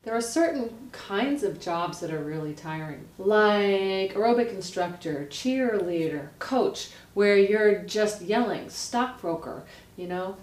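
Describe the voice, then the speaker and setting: A woman, a vocal coach, explaining how to speak healthily in a lively, direct teaching manner. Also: medium pitch, slow. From United States. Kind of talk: instructional explanation with voice demonstrations. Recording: roomy, distant mic, faint noise.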